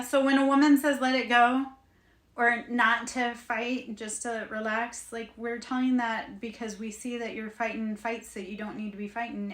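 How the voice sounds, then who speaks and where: Blunt, animated woman in an echoey room. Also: fairly high pitch. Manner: blunt and animated, swearing casually. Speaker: spiritual reader and livestream host. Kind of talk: casual livestream chat. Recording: roomy, echoey room sound.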